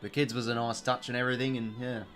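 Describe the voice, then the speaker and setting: A man's voice: mid-range voice, level tone, fast talker, fairly bright tone, faint music behind. A young Australian man hosting a live watch-along stream, chatting casually, full of fillers and greeting viewers from chat.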